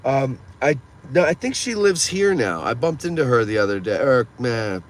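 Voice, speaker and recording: Inside his car in town, a man with a mid-range voice and big pitch swings hosts a relaxed live stream at normal speed. He reads the live chat aloud and responds while driving, with clear traffic and street noise in the background.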